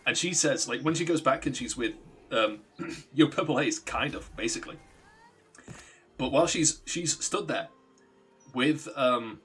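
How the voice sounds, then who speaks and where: A man streaming a video game, casually recounting a story in a rambling, animated way. His voice is husky and sits at an ordinary pitch. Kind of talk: casual gameplay commentary.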